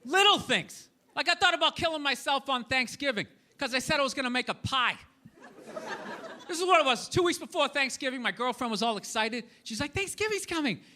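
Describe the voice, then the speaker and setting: High bright ranting stand-up comic man. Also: lively intonation, a little fast. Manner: ranting, incredulous, acts out quotes. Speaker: stand-up comedian. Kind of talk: stand-up comedy set.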